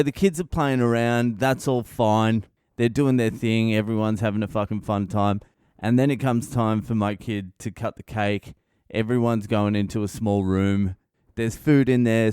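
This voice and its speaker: A middle-aged man spins a foul-mouthed comic story, getting more exasperated and bursting into shouts. His voice is smooth and resonant at a middle pitch. The sound is dry and close, with no room around it. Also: no echo. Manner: sweary, exasperated, builds to shouting rants. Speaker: comedian podcast host. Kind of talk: profane comic storytelling monologue.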